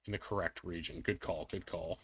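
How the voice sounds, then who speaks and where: Guy streaming games, chatty and jokey, lowish voice. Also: steady tone, fairly quick, crowd noise. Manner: chatty, joking, thanks viewers warmly. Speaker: streamer and game host. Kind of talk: casual live-stream chat.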